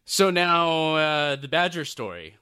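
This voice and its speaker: A man's voice: a little high, sing-song, takes it slowly, pushed and bright, smooth, no echo, studio quality. A man hosting a podcast, chatting casually and reacting with short remarks and laughter. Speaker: podcast host. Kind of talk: casual interview chat.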